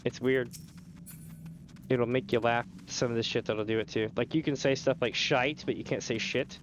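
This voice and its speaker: A man's voice: mid-range voice, little pitch movement, normal speed, slight background noise. A man streaming a game, chatting casually with his viewers in a rambling way that is full of casual swearing. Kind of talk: casual gaming stream chat.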